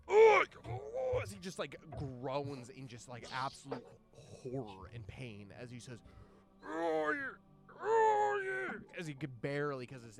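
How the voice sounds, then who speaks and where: A man narrating as game master of a tabletop game, telling the story animatedly with fillers. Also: mid-range voice.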